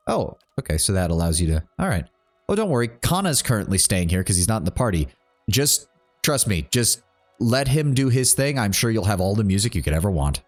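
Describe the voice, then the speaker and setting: A man's voice: lowish voice, sing-song, brisk, soft background music. A man streaming a role-playing game, chatting casually and reading game dialogue aloud.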